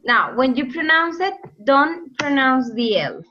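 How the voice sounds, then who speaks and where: A woman's voice: high-pitched, very animated, measured pace, bright, forceful tone, dull audio, slight background noise. A woman teaching an English class online, patiently correcting students and explaining grammar.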